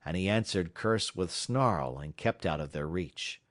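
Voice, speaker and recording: A man reading a classic novel aloud as an audiobook narrator, in a measured, dramatic storytelling manner. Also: sits low, expressive, no room sound, studio quality. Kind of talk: scripted narration.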